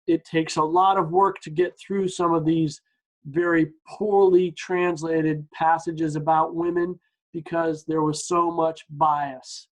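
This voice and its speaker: Lively man teaching from sources. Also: fairly high pitch, poor audio. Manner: lively, quotes sources, frequent restarts and asides. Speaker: Bible teacher. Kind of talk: teaching a research night.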